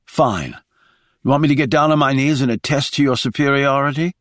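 A man's voice: mid-range voice, fairly quick, fairly bright tone, dry recording, studio quality, pitched above the performer's own voice, natural voice. A man voicing a defensive woman agent. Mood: defiant. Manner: heated, defensive retorts. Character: sharp-tongued British woman agent, defensive.

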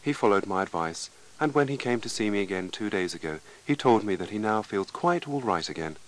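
A man's voice: on the low side, expressive, brisk, close to an everyday voice, poor audio. A man reading a chatty, confident doctor's speech in a lesson story, hearty and confiding. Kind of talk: scripted story reading for learners.

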